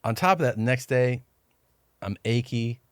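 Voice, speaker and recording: A man's voice: mid-range voice, normal speed, clean tone, no echo. A man guesting on a podcast, wandering through a long personal story in casual chat. He acts out the lines other people said to him as he goes. His voice sits in the middle of the range and is recorded dry and close in a studio. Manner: rambling anecdotes, acting out what others said.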